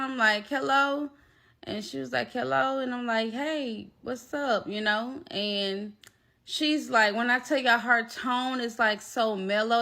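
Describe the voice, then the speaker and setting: A woman telling a personal story to her viewers, animated and emphatic. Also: a little high, gravelly. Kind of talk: storytime vlog.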